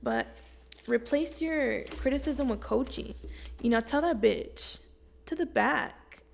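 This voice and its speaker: A young woman talks straight to the camera at home, blunt and slangy, swearing freely as she gives self-help advice. Her voice sits a little high and crackles with strong, gravelly fry. She sounds animated and casual, like she is talking to a friend. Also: slow. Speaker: vlogger.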